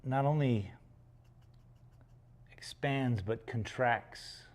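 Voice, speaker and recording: A man's voice: mid-range voice, drawn-out words, a little mellow. A man chatting casually on a livestream while he paints, rambling and joking with some swearing. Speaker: painter streaming live.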